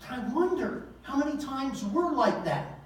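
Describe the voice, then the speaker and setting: A man's voice: extremely high pitch, very animated, unhurried. A male pastor preaching a sermon in a folksy, conversational way, with slang and pointed rhetorical questions. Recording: echoey room, voice from far off.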